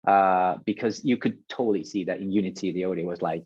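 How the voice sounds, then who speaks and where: A man's voice: low voice, fast, few pauses, breathy edge, dry recording, highs cut off. A man, a guest sound designer, talking casually on a panel, hesitant with many fillers and restarts.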